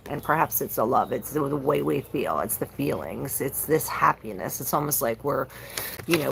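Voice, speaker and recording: A woman's voice: sits low, vocal fry, a little hiss or hum, low-quality recording. A woman giving a casual, rambling tarot reading on a livestream, repeating herself and swearing now and then.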